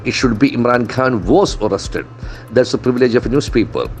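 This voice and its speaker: A man teaching from newspaper headlines, deliberately spelling out and repeating words. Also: mid-range voice, expressive, faint music behind. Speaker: English language trainer. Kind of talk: newspaper-based English lesson.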